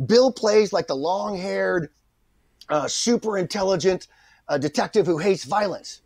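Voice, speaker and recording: Pitched high and speaking at a measured pace, this middle-aged actor guest tells a story and brings its characters to life by doing their voices. There's no room sound on the recording.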